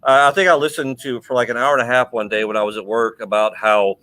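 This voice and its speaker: A man hosting a casual livestream chat, talking enthusiastically with many quick restarts. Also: mid-range voice, steady tone, bright, forceful tone, no echo, rough recording. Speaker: livestream host.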